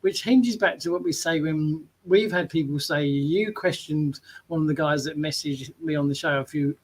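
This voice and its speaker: A man with a fairly high, husky voice co-hosts a live online marketing show, speaking at a moderate pace over poor audio. He chats casually and tells stories full of asides, acting out scenes in quoted voices.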